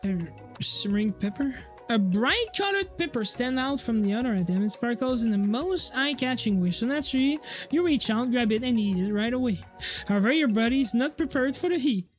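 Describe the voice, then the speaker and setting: Woman streamer narrating a dating game, high voice, amused, chatty. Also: lively intonation, a little fast, soft background music. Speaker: gaming streamer. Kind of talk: reading a visual novel aloud.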